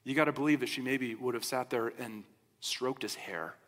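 A man preaching a sermon as a pastor, in a conversational, animated storytelling way. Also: mid-range voice, normal speed. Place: church sanctuary. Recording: long hall reverb.

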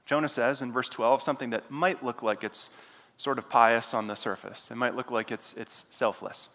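A man delivers an expository sermon and retells the scene with lively voiced asides. His voice is bright and forward, carried by the long reverb of a church sanctuary. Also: mid-range voice, normal speed. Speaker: preacher.

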